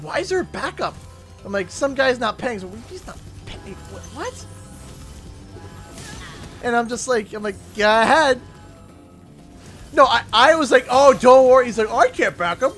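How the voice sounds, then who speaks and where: Bright-voiced Canadian man telling stories. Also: very high-pitched, moderate pace, soft background music. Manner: animated, acts out the people in his stories. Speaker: streamer. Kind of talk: casual livestream storytelling.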